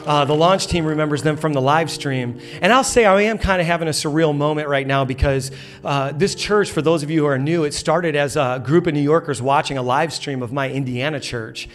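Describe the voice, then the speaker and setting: In a church auditorium, a pastor in his thirties with a fairly high-pitched voice tells a funny story during his sermon, full of energy and playfully acted-out quotes.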